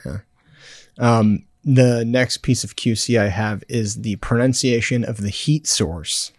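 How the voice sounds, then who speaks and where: A man co-hosting a podcast, laid-back and rambling in casual chat, trailing off softly at the end of his phrases. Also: mid-range voice, unhurried, no echo, clean studio sound. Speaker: podcast co-host.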